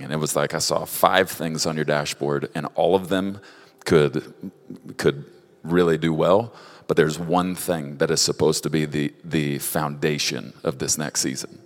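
A man giving prophetic words to people one at a time, speaking directly to each in a halting way, often repeating words. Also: rumbling low, fairly even intonation. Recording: long reverb of a large hall.

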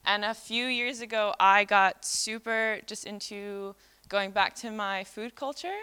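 A woman's voice: mid-range voice, steady tone, unhurried, sharp tone, clear, resonant tone. An American woman from New York City giving a live seminar lecture on fermentation, casual and chatty with lots of "um" and "like". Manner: casual, chatty, many fillers like "um" and "like". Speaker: fermentation educator and speaker.

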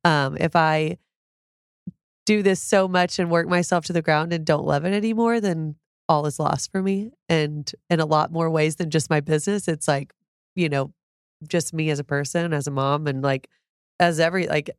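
Lady guest on a podcast, kinda low voice, earnest and chatty, dead dry sound. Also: steady tone, moderate pace, no room sound. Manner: warm, earnest, gets emotional at times. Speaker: podcast guest, food creator. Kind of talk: conversational interview.

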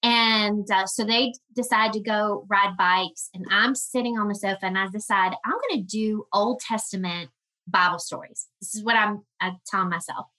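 A woman guest on a podcast, telling a personal story in an earnest, emotional way with halting restarts. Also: mid-range voice, fairly even intonation, bright, forceful tone, poor audio.

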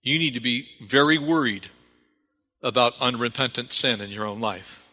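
A man's voice: medium pitch, normal speed, bright, forceful tone. A man preaching a sermon as pastor, calling for amens and repeating phrases for emphasis. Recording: long reverb of a hall.

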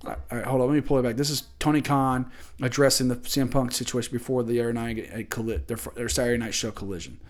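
A man's voice: mid-range voice, steady tone, fast. Heated, profane male podcast host. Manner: heated, profane, rambling with restarts. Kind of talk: casual solo commentary.

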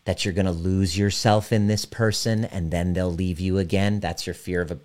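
A man working as a relationship coach, talking directly and emphatically to a live audience and slowing down to guide a visualization. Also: low-pitched, steady tone, darkish tone.

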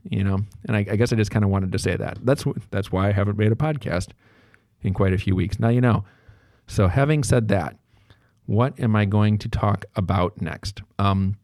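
A man's voice: lowish voice, darkish tone, no echo, studio quality. A man in his thirties, hosting a solo podcast, talking in a rambling, candid way and often restarting his sentences. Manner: rambling, self-correcting and candid. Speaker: podcast host.

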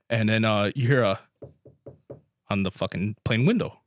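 A man's voice: mid-range voice, moderate pace, no room sound, clean studio sound. A young man in casual chat with friends, telling long rambling jokes and swearing freely. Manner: rambling joke-teller, swears a lot.

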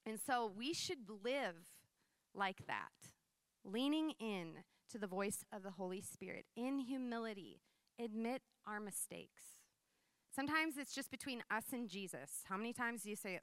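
A woman in her thirties giving a sermon with personal testimony, telling stories in a lively, conversational way. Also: mid-range voice, unhurried, smooth, dry recording. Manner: conversational, animated storytelling with frequent "like" and laughs. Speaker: preacher.

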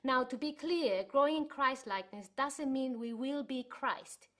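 A woman's voice: high-pitched, unhurried, fairly bright tone. A woman from Chile giving an earnest sermon to an online church congregation, telling stories as she teaches. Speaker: church speaker.

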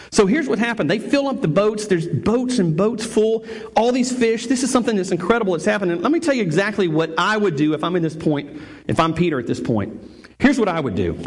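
A male pastor delivers a sermon in a lively, chatty, joking way. His voice sits a bit high and has a husky edge. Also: fast talker. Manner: animated, conversational, jokey preaching.

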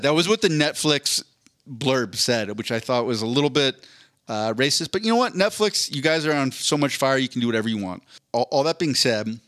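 A man's voice: mid-range voice, sharp tone, no echo, clean studio sound. Rambling, laughing man on a podcast. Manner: rambling, profane, laughs mid-sentence. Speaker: podcast co-host. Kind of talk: casual chat.

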